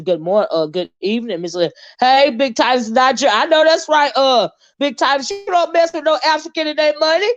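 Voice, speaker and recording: A woman's voice: high voice, brisk, few pauses, muffled recording. A woman hosting a casual live-stream commentary, sassy, blunt and profane as she talks to her viewers. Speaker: host.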